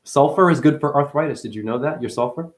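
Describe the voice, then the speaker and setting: A man in chronic pain talks at a quick pace, drifting loosely through spiritual ideas. He swears often, alternating between loud outbursts and low mutters.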